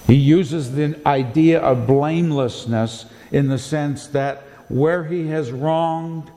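A male pastor delivers a sermon at an unhurried, measured pace, leaning hard on emphasis and rhetorical questions. His voice is mellow and warm. It rings out with the long reverb of a church sanctuary. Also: fairly high pitch.

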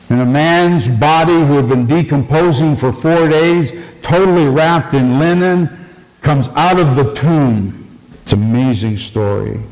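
A man preaching a sermon, telling the story slowly and with emphasis. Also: mid-range voice, a little mellow. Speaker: pastor. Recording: long church-hall reverb.

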